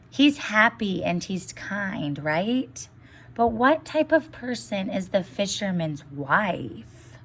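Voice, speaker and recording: A woman teacher reading a story aloud to children and asking them encouraging questions. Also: mid-range voice. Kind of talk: read-aloud lesson for children.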